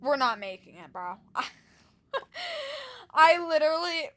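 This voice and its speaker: A woman's voice: high voice, sing-song, unhurried, bright, forceful tone. A young woman streaming a game and telling a rambling, exasperated story about work, full of restarts and fillers. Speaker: live streamer. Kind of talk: casual storytelling while gaming.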